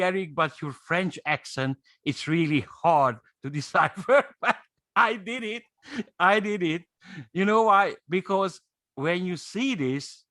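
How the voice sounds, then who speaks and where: Man, hungarian native speaker, emphatic webinar pitch, slightly high voice, dry sound. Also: a bit bright, no room sound. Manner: emphatic, repeats "okay?" and key phrases. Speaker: guest speaker.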